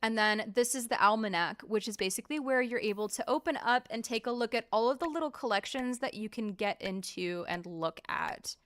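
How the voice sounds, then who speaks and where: A woman with a fairly high, smooth voice gives casual live commentary on a cozy farming game. She is chatty and upbeat and keeps talking to her chat. The sound is dry and close to the mic. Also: fairly quick, hardly any pauses, fairly bright tone, dry recording. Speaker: streamer playing a farming game.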